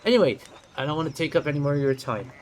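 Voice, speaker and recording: A busy village blacksmith in a video game, read out by a man who gives brisk, practical instructions. His voice sits a touch high and moves lively up and down. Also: a little hiss or hum, close to an everyday voice. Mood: friendly.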